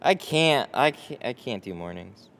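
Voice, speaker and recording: A man's voice: mid-range voice, very animated, measured pace, gravelly, a bit bright. A man running a casual live stream from his tint shop, reading chat aloud, tired and rambling with casual swearing. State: tired, no coffee.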